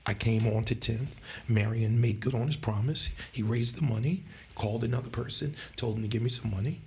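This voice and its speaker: A man's voice: medium pitch, a little fast, gravelly, darkish tone, slight background noise. A man, a pastor and church planter, telling a story in a podcast conversation, laughing often and acting out the voices of people he quotes.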